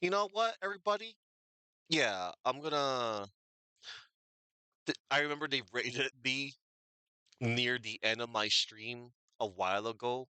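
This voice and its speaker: There's a sharp tone to this man's smooth, medium-pitched voice, and the recording has no echo. He closes out a stream with thankful, filler-heavy rambling aimed at his viewers.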